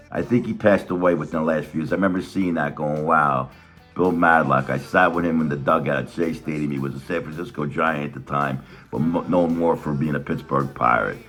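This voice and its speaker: A middle-aged man telling a childhood story in a casual, animated way, swearing a lot and acting out the other people's voices. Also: extremely low pitch.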